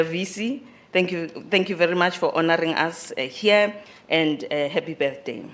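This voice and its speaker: A speaker with a squeaky voice gives a formal welcome address in a university conference hall. The delivery halts often, with fillers and repeated words. The voice climbs louder and higher on the phrases being stressed. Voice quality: self-described squeaky voice. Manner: rises in pitch and volume on emphasized phrases. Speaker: conference host speaking for the organizers.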